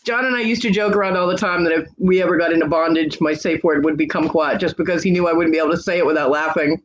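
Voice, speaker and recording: A man's voice: fairly high pitch, fairly even intonation. Wisecracking man on muffled stream audio. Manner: wisecracking, quick with jokes. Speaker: co-host of a live stream chat. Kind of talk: casual chat.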